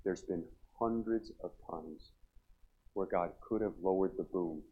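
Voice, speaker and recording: A man in his forties, a pastor preaching a revival sermon, joking and telling stories, then pressing his point loudly. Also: sits low, unhurried, phone-quality sound. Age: 40s. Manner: humorous storytelling, rising to loud emphatic preaching. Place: church sanctuary.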